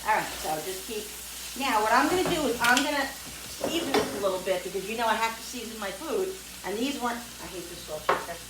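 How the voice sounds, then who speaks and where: A woman's voice: on the high side, animated, brisk. A woman hosting a home cooking video, talking in a rambling, chatty way with frequent self-corrections as she cooks. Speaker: home cooking channel host. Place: home kitchen with sizzling pan. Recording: echoey kitchen, distant mic, frying noise.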